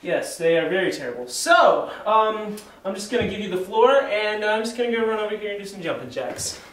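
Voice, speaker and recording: A man's voice: high-pitched, expressive, a little fast, a bit bright, slight background noise. A young man hosting an amateur comedy sketch, goofy and full of hesitations. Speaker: sketch host. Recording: echoey room with the camera far off.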